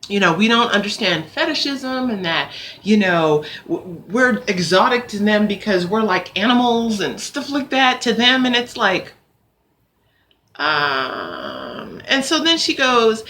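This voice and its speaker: A woman's voice: mid-range voice, a little slow. Exasperated woman vlogger ranting. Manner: animated, exasperated, swears. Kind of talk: ranting casual vlog.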